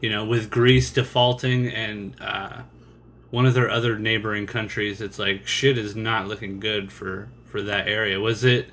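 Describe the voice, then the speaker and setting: A man's voice: on the low side, level tone, normal speed, fairly bright tone, a little hiss or hum. A man hosting a casual podcast, asking rambling, curious questions with some mild swearing. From United States. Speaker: podcast host.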